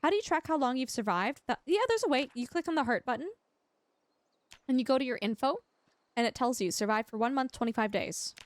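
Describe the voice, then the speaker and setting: A young woman from Canada chats with her livestream viewers while she plays. Her voice sits high, and she talks in a bubbly, giggly way. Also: lively intonation, a little fast, no echo. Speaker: livestream gamer. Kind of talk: casual livestream chat.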